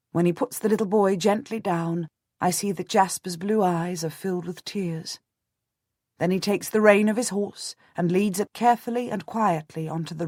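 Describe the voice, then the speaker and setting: A woman narrating a historical novel in the first person, measured and restrained, on a close studio mic. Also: on the low side, a little mellow, no room sound. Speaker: audiobook narrator.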